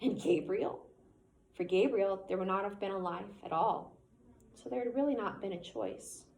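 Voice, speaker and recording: A woman reading a novel aloud to a student in a steady, even way, now and then stopping to ask questions. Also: medium pitch, normal speed, gravelly, slight background noise. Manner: reads steadily, stops to quiz the listener. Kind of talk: classroom read-aloud of a novel. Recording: echoey room, faint ambience.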